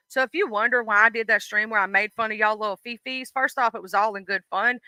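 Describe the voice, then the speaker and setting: A woman's voice: a little high, a little fast, few pauses, pushed and bright, dry recording, low-quality recording. A woman with a Southern US accent hosting a casual livestream, talking bluntly and with plenty of swearing to her chat. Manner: blunt, profane, talks straight to chat. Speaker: livestream host.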